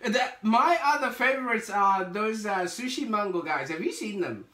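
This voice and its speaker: A man's voice: sits high, normal speed. Laughing man in an echoey room. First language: not English. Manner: laughs often, animated retelling. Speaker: podcast host. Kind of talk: casual conversation on a video call.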